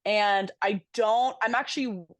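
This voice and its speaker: A woman's voice: mid-range voice, steady tone, normal speed, dry recording. A young woman co-hosting a podcast, talking candidly and reflectively in casual chat, with casual swearing. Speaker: podcast co-host.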